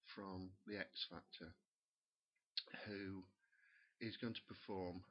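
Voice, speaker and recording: A man's voice: on the low side, slightly rough. A man doing a stand-up comedy rant, sneering and exasperated, swearing freely. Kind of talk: profane comic rant. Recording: muffled lo-fi recording.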